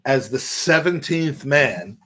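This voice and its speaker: A man's voice: mid-range voice, animated, takes it slowly, fairly bright tone. A man co-hosting a casual football chat, rambling and thinking aloud with restarts.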